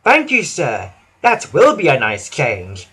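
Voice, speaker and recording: A man voicing a gentle, polite engine in a children's storybook, soft and pleading. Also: high-pitched, big pitch swings, measured pace, voice pushed up, exaggerated voice. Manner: timid, pleading. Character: gentle, polite old blue tank engine.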